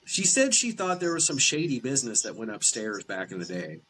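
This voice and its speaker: A man from Eastern Kentucky with an Appalachian accent, a podcast guest telling ghost stories in a relaxed, rambling way. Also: medium pitch, a little fast, a crowd in the background, rough recording. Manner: relaxed, rambling anecdotes with restarts. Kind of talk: casual storytelling chat.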